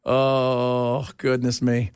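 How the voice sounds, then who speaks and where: A man's voice: mid-range voice, very slow, clear, resonant tone, no echo, studio quality. A man hosting a talk radio show, bantering casually and breaking into silly voices as he tells stories. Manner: animated storyteller, slips into silly voices and laughs.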